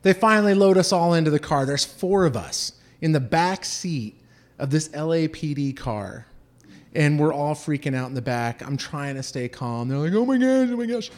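A man's voice: a little high, normal speed. A man from Southern California telling a personal story, acting out the voices of the people in it. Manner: animated, acts out quoted voices.

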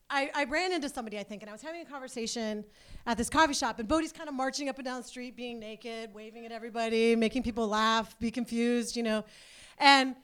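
Woman around forty, high voice, chatty and rambling, casual personal storytelling. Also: a bit bright, clear, resonant tone. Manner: rambling, filler-heavy, chatty.

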